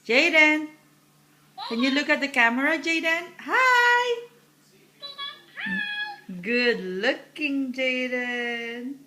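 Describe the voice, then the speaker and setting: A mother coos at her baby in a high, bright voice, drawing out each word very slowly. Her speech is sing-song home-video baby talk, full of playful animal noises. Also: fairly even intonation, a little hiss or hum.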